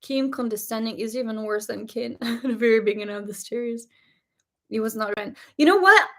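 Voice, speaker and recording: Woman reaction host with a slightly high voice, chatty and fired-up, talks straight to her viewers. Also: brisk. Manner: animated, indignant, talks to viewers directly. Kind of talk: casual reaction commentary.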